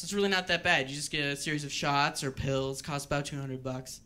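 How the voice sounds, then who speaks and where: A man doing a stand-up routine on a club stage, wry and deadpan with rambling asides. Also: on the high side, brisk, hardly any pauses, a faint crowd. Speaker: stand-up comedian.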